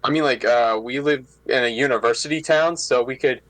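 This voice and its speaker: A man's voice: mid-range voice, a little fast, fairly bright tone, no echo, low-quality recording. Eager chatty man, dry sound. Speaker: club leader joining a meeting. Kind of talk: casual meeting talk.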